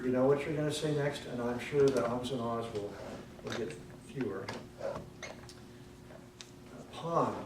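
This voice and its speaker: A man evaluating speakers' grammar at a club meeting, correcting words with a dry joking manner and slow careful pronunciation. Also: fairly high pitch, noisy background. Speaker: grammarian and ah counter. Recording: echoey room from far off.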